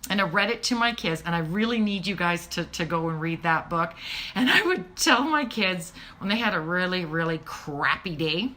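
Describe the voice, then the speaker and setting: Bright, lively middle-aged woman host. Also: on the low side, moderate pace. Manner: expressive, drops into near-whispers for emphasis. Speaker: parenting talk host. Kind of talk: casual motivational talk.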